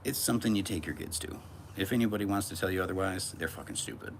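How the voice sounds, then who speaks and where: Man, extremely deep voice, gravelly, brash and profane, rambling monologue outdoors. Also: fast talker, slight background noise. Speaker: vlogger. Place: back porch outdoors in a small town.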